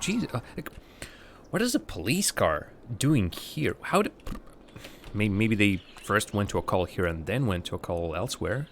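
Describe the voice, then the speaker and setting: A man's voice: lowish voice, very animated, moderate pace, a little hiss or hum. A man from Latvia, a native Russian speaker, doing live gameplay commentary, thinking aloud and chatting to viewers between game remarks. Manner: thinks aloud, rambling with fillers and restarts. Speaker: livestreamer.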